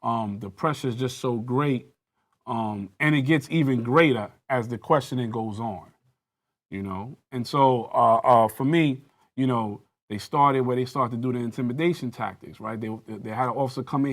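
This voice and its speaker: Speaking at a moderate pace in a mid-range voice, a man recounts being interrogated by police during a panel discussion, performing the dialogue as the intensity climbs.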